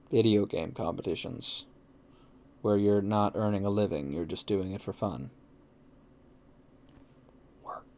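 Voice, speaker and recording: A man's voice: lowish voice, mellow. A man hosting a casual let's play, reading a visual novel aloud and swearing at his own slips with wry asides. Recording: faint game music behind.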